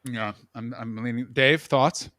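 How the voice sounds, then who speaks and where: A man with a North American accent hosting a casual chat stream, joking and animated. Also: mid-range voice, no echo, studio quality. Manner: quick, joking, animated asides. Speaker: host.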